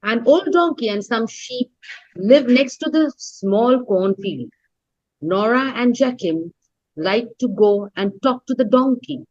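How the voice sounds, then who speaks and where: A woman's voice: fairly high pitch, lively intonation, slow pace, darkish tone. A woman taking an online lesson, giving short replies and reading a passage aloud carefully. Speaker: student on a call. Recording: dull, lo-fi online call audio.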